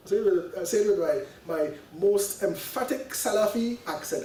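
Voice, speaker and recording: A man giving an animated, conversational sermon with stories, often checking in with his listeners. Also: sits high, normal speed, hardly any pauses, a little hiss or hum. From Canada. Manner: animated, conversational, peppers talk with "right?" and "you know". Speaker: sheikh giving a religious lecture. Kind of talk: sermon with storytelling. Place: lecture hall. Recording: echoey hall, distant mic.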